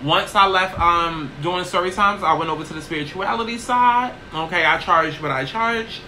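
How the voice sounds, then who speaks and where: A woman chatting casually in a get-ready-with-me vlog, brash and profane, tossing in "okay?" constantly while seated low in a small chair. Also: moderate pace, pushed and bright, a little hiss or hum, low-quality recording. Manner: brash, profane, sassy, keeps asking "okay?". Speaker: YouTuber.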